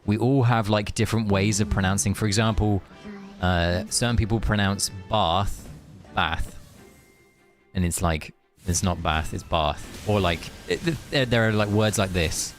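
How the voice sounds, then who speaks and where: A man's voice: on the low side, normal speed, faint music behind. A British man chatting casually on a live game stream, playful and musing aloud as he talks.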